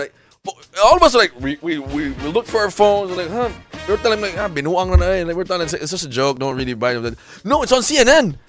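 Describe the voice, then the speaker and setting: A man, co-hosting a sports talk show and telling excitable stories with frequent laughter. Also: high voice. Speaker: podcast co-host. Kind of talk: animated sports banter storytelling.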